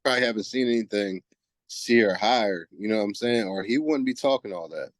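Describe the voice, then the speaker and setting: A New Jersey man in his forties appears as a guest softball player on a podcast, chatting casually in an interview. His voice sits on the low side and moves briskly, recorded dry. He sounds laid-back and reflective, often dropping "you know what I mean."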